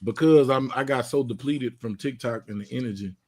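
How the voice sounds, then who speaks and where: A man hosting a live stream chat with a friend, teasing and joking in slang with sudden loud bursts. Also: medium pitch, a little fast. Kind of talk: casual banter on a live stream.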